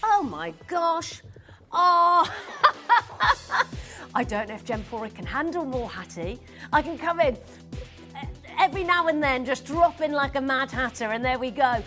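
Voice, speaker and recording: Gushing high-voiced shopping host. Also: female voice, expressive, moderate pace, music in the background. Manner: chatty, gushing, greets viewers by name. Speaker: shopping channel presenter. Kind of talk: live jewelry sales pitch. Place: television studio.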